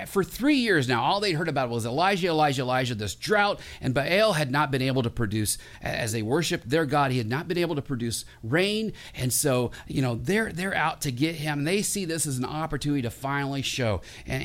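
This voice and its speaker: A pastor preaching a sermon in a conversational, humorous way, with many restarts. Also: male voice, a little high, fairly bright tone.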